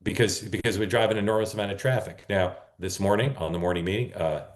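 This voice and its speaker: A man's voice: on the low side, quick pace, echoey room. A man hosting a live political talk show, chatty and rambling, often correcting himself. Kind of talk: casual live-stream talk.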